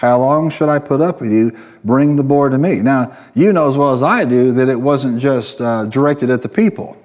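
A man's voice: mid-range voice, normal speed, darkish tone. Man preaching in an echoing hall. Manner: emphatic, calls for responses from the congregation. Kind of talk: sermon.

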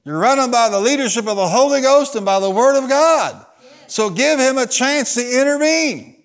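Male pastor, sermon in church, call-and-response with the congregation, pitch rising and falling with each point. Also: expressive, moderate pace. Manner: acts out quoted people in the stories.

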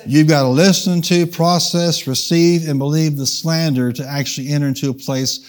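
A man's voice: on the high side, fairly even intonation, normal speed. A man preaching a sermon, leading the congregation in call-and-response and changing his pace for emphasis. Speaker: pastor. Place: church.

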